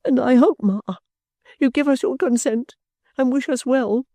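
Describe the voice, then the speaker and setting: A woman voicing a tearful young daughter who sobs and pleads in a high, breathy voice, in an audiobook reading. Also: measured pace, dark tone, dry recording, clean studio sound. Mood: sobbing, pleading. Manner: pleading, childlike. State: sobbing. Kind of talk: audiobook character voice.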